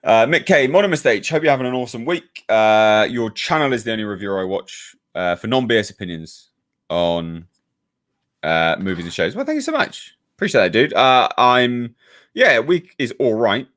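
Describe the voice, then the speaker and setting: A man's voice: mid-range voice, animated, normal speed, fairly bright tone. A British man hosting a casual live stream, reading viewer comments and telling a profane, ranting story about a neighbour. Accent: British English. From United Kingdom. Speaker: YouTube reviewer hosting a live hangout.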